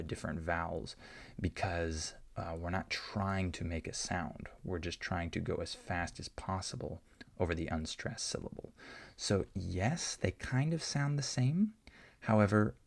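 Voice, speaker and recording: A man's voice: low voice, creaky. A man teaching English pronunciation in an unscripted online lesson, explaining patiently with many fillers and "right?" checks.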